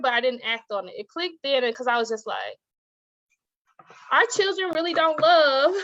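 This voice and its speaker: A woman, a teacher and author, talking as an interview guest, telling stories with lively acted-out quotes and frequent laughter. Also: high voice, highs cut off. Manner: animated storytelling, acts out quoted voices, laughs often. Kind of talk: casual interview talk.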